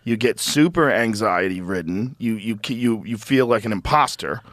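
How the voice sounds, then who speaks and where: A middle-aged podcast host in casual chat who talks bluntly, swears freely, and jumps in with quick reactions. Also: male voice, on the low side, lively intonation, fairly bright tone, no room sound.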